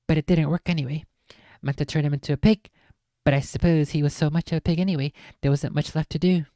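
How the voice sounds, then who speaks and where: A woman voicing a big gruff male gamekeeper in a put-on Scottish accent, reading aloud from a storybook on a stream. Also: sits low, steady tone, quick pace, warm tone, dry recording. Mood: rueful.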